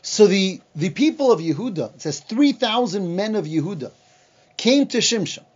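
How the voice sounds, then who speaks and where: High-voiced man retelling a Bible story. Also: expressive, moderate pace, a little mellow, slightly rough, highs cut off. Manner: retells the story in plain words, acting out the lines with frequent fillers. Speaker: Bible class teacher. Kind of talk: casual Bible story lesson.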